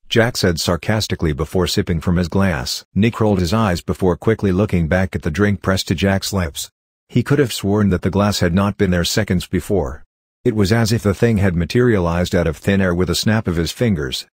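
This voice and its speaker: A man reading a scripted horror story in a measured, even way. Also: sits low, no echo, studio quality. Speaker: narrator.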